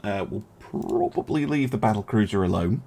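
A man's voice: on the low side, lively intonation, moderate pace, creaky, mellow. A man giving casual, musing commentary on a naval strategy game as host, chuckling often and poking fun at himself. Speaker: gaming video host.

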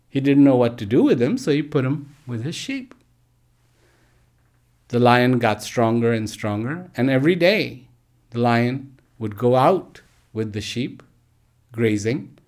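A man telling a parable and answering questions in a measured way, pausing often. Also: mid-range voice, a little mellow. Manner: slow, measured, pauses often. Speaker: speaker. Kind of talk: parable and Q&A talk. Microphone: live online stream.

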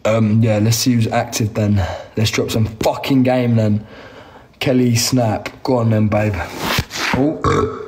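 A man's voice: on the low side, steady tone, slow, a little mellow, a little hiss or hum. A young man, chatting casually on a phone live stream, laid-back and slangy with plenty of swearing. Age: 20s. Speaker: livestream host.

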